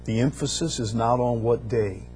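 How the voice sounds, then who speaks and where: A man preaches a sermon in a mid-pitched voice. He drives his points home with repeated phrases that swell into louder bursts. Faint instrumental music plays softly behind him. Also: fairly even intonation, moderate pace. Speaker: pastor.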